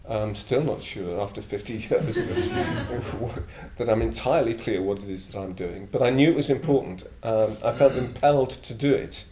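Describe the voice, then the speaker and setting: A man's voice: medium pitch, sing-song, normal speed, few pauses, crowd noise. A man in his seventies from northern England, a Buddhist order member telling blunt, rambling anecdotes with a chuckle. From Middlesbrough, northern England. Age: 70s. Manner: blunt, digressive, chuckling storyteller. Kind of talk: reflective anecdotal talk. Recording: echoey room with faint ambience.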